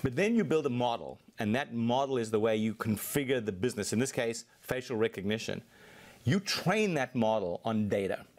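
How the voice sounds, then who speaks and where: A man being interviewed as a technology executive, explaining his points fluently and in a measured way. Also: mid-range voice, darkish tone. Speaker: Microsoft technology executive, guest. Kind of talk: interview answers.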